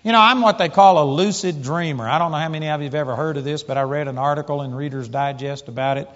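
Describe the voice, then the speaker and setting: A man preaching a sermon, telling a personal story with animated, rising emphasis as he gets excited. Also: fairly high pitch, fast. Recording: muffled sound with long hall reverb.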